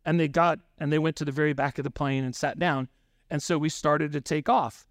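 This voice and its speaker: A man's voice: a little high, fairly even intonation, fairly quick, dry recording, clean studio sound. A man preaching a sermon in a conversational storytelling way, often checking in with "right?" and acting out bits of dialogue. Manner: conversational, frequent "right?" asides, acts out dialogue. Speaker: pastor.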